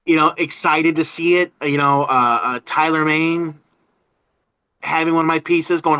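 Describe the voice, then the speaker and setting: Man, podcast guest, rambling, halting speech, bright tone, dry sound. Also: on the high side, fairly even intonation, clear, resonant tone, no room sound, poor audio. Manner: halting, rambling, many restarts and "you know". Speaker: podcast guest, horror artist. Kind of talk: casual interview chat.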